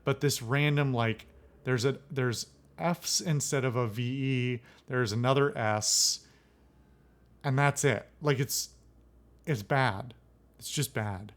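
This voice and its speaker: A man's voice: mid-range voice, takes it slowly. A man hosting a let's play who gives rambling, opinionated commentary. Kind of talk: casual game commentary.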